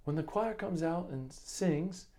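A man voicing a sweet West Indian woman greeter at church, giving gentle, polite instructions in a West Indian accent. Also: fairly high pitch, takes it slowly, voice pushed up.

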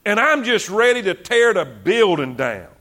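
In a fervent sermon, a man preaches with a high, bright voice full of big pitch swings, speaking at normal speed. His talk is conversational and loose, leaning on repeated phrases to drive points home. He frequently restarts while building momentum.

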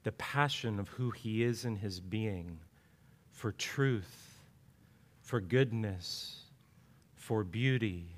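A man preaching a sermon earnestly, often repeating words and sinking low and soft on key words, with playful asides. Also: slow, long pauses. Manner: playful asides with joking voices.

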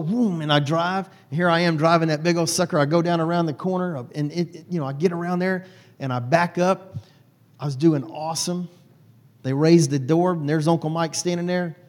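A man telling a personal story to an audience in a folksy, animated way. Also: on the high side. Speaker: speaker.

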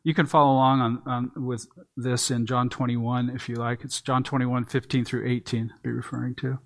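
Man, mid-pitched voice, sermon, earnest, emphatic repeats. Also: little pitch movement, moderate pace, vocal fry. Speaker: pastor.

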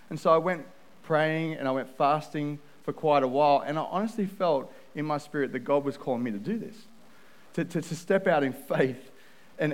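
A man preaching a sermon as pastor, telling a personal story in an earnest way with quick restarts. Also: fairly high pitch, poor audio.

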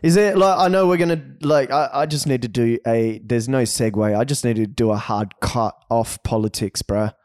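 A man with an Australian accent co-hosting a casual podcast, talking in an animated way, swearing freely and restarting his sentences often. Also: mid-range voice, normal speed, few pauses. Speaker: podcast co-host.

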